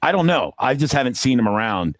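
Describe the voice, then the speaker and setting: A middle-aged man on a podcast telling casual stories about dealing poker. He swears freely and acts out the quotes, with sudden jumps up in pitch. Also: sing-song, brisk. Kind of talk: casual storytelling.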